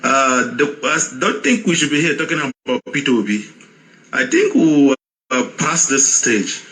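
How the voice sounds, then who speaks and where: A man's voice: medium pitch, expressive, measured pace, sharp tone, low-quality recording. Agitated man calling in. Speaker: caller on an audio space.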